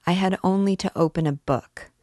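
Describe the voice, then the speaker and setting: A woman's voice: fairly low pitch, moderate pace, warm tone, no room sound, studio quality, pitched above the performer's own voice, close to an everyday voice. A woman reading aloud voices a tormented male priest making a brooding, intense confession. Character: tormented middle-aged male priest, obsessive.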